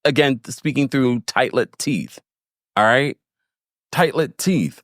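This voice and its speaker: A man's voice: fairly high pitch, unhurried, creaky, no room sound, clean studio sound. A man in casual livestream chat, recapping a reality show and reading viewer comments aloud with laughs. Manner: animated, laughing, talks straight to viewers.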